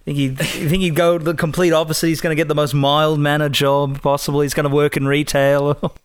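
A man chatting as a guest on a podcast, joking quickly. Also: fairly high pitch, level tone, clear, resonant tone. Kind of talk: casual podcast chat.

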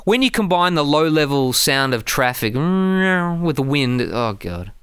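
Pria Australia, suara jernih dan hidup. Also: male voice, fairly high pitch, sing-song, measured pace, fairly bright tone, clean tone, no room sound. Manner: playful, tries out accents, asks questions. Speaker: podcast co-host. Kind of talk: casual chat.

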